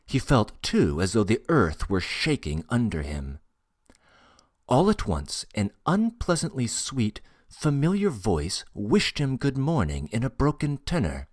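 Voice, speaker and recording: Slow, dry-voiced male audiobook narrator. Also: medium pitch, big pitch swings, dry recording. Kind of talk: scripted narration. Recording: dry close studio recording.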